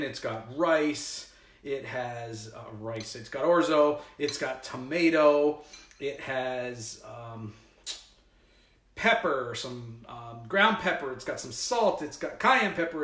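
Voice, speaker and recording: A man hosting a casual home cooking show, excitable, exclaiming and laughing often as he chats to viewers in his kitchen. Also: a little high, roomy sound. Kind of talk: casual cooking livestream chat.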